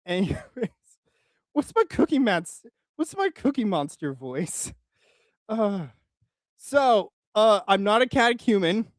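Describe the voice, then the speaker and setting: A man's voice: high-pitched, sing-song, unhurried, pauses often, dry recording. A man hosting his channel in casual chat, rambling and joking with frequent laughs. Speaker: channel host.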